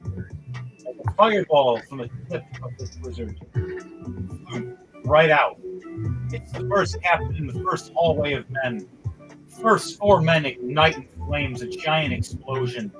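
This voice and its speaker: A man's voice: on the high side, slow, pauses often, rough recording. A man narrating a tabletop game as dungeon master, vivid and rambling, with restarts. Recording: music playing behind.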